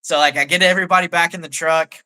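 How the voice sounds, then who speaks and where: A man's voice: on the high side, steady tone, fast talker, pushed and bright, clear, resonant tone. A man, an army staff sergeant, telling a story in a laid-back way as a guest on a live talk show, with lots of "like". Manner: laid-back, peppers speech with "like".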